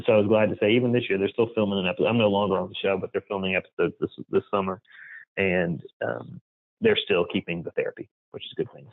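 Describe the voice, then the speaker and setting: A man's voice: fairly low pitch, vocal fry, slightly rough, no echo, narrow, tinny audio. A man in his forties from Virginia, giving a candid conference talk full of personal stories and frequent fillers. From Virginia, USA. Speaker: keynote speaker.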